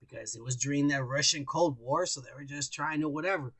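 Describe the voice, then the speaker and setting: A man's voice: fairly high pitch, fairly quick, a bit bright, husky, no room sound. A man co-hosting a podcast, talking in crude, profane, rambling banter while reading out the news. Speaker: podcast co-host.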